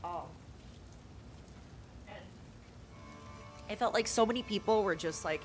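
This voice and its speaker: Candid woman streamer over faint music. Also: mid-range voice. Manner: candid, confiding and halting. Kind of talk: casual live-stream chat while gaming.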